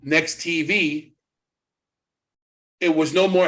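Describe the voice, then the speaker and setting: A man's voice: on the high side, normal speed, long pauses, rough recording. A man in his fifties, a former pro wrestler, telling stories in an interview and acting out the dialogue. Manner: animated storyteller acting out quoted dialogue. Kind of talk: casual storytelling interview.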